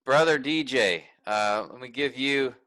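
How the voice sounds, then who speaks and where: A man's voice: medium pitch, unhurried, sharp tone, no room sound, poor audio. A man teaching a graduate workshop in a conversational way, thinking aloud with restarts and fillers.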